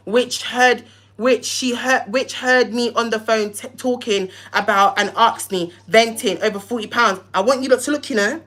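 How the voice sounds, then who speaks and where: A woman's voice: on the high side, moderate pace, fairly bright tone. A young woman, hosting a livestream and heatedly telling a story, cussing and acting out both sides of phone calls. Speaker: live-stream host.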